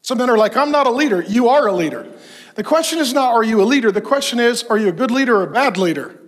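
A middle-aged male preacher with a notably high voice delivers an emphatic sermon. He stacks rhetorical questions and long lists, pressing each point home. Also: expressive, fast. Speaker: pastor. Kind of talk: sermon to men.

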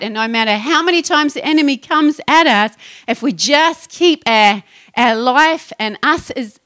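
A middle-aged woman pastor preaching a passionate, rising sermon to her congregation. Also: fairly high pitch. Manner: passionate, building to excited exhortation.

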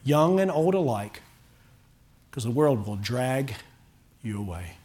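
A man preaches in church with a middle-pitched voice, speaking to the congregation in front of him. He is fervent and rises to loud, pleading calls at the high points of the sermon. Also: sing-song, slow, husky. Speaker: pastor.

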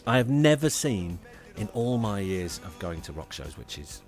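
A man, co-hosting a comedy podcast and telling a rambling, animated story. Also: on the low side, moderate pace, soft background music. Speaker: podcast co-host. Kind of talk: casual comedy chat.

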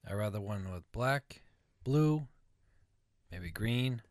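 A man's voice: on the low side, expressive, slow pace, darkish tone, no echo, clean studio sound. Wry man telling stories, chuckling. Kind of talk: casual storytelling chat.

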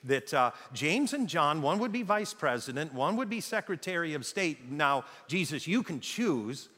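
A man's voice: on the high side, big pitch swings, normal speed, bright, forceful tone, heavily acted. A preacher voicing a pushy mother who bargains for favors for her two sons, with a wheedling manner, in a reverberant hall.

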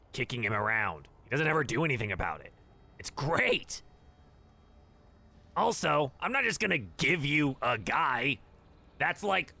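A man's voice: medium pitch, gravelly, pushed and bright, heavily acted. A man playing a brash bullying devil boss. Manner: brash, mocking, casual. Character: bossy bullying male devil leader.

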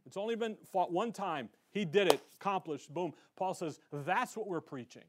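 A man preaching a sermon as a pastor, fervent and colloquial, his voice swelling as he gets excited. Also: high voice, moderate pace, very noisy. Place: church.

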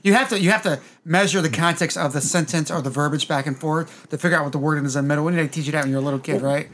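A man co-hosting a casual movie chat, excitable and swearing freely. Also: fairly high pitch, racing. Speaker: podcast co-host.

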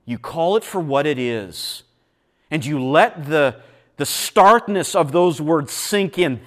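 A man preaching a sermon at a men's retreat, earnest, often repeating words as he goes and swinging from quiet to emphatic. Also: a little high, expressive, takes it slowly. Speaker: pastor.

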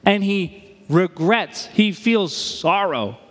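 A man's voice: high voice, expressive, takes it slowly, big-room sound. A man preaching a sermon in a casual, joking way, with sudden emphatic bursts. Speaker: pastor.

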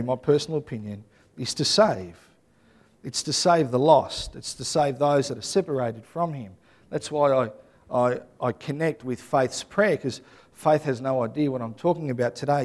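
Guy pastor preaching, chatty animated storytelling, keeps asking "yeah?". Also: mid-range voice. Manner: animated storytelling, chatty asides and tag questions. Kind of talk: sermon.

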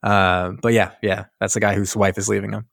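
A man's voice: on the low side, little pitch movement, a little fast, gravelly, a bit bright, no room sound, studio quality. A young man co-hosting a casual movie podcast, rambling through the plot and acting out lines. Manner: rambling, acts out characters in voices. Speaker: podcast co-host. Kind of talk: casual movie recap chat.

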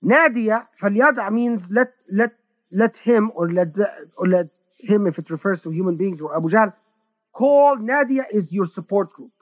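Male scholar, higher-pitched, deliberate lecturing delivery with stretched emphasis; dry, muffled lo-fi sound. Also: expressive, dry recording. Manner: deliberate, with repeated restarts and stretched emphasized words. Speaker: Islamic scholar giving Quran commentary. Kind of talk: spoken Quran commentary lecture. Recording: dull, dry lo-fi recording.

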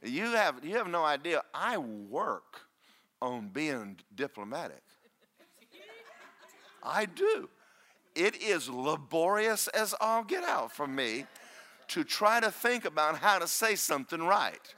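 A man preaching a sermon as pastor, loud and booming, with self-deprecating humor. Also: big pitch swings, slow. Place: church.

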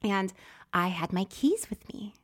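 A woman in casual conversation telling a personal story. She acts out her own thoughts, going from hushed whispers to sudden loud exclamations. Her voice sits at a medium pitch. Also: expressive, measured pace. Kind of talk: casual chat.

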